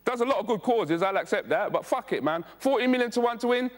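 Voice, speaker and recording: A man's voice: extremely high pitch, animated, fast, big-room sound. A man doing a crude stand-up set on a club stage, teasing the crowd into a handheld mic. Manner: brash, crude, teasing the audience. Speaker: stand-up comedian. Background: audience.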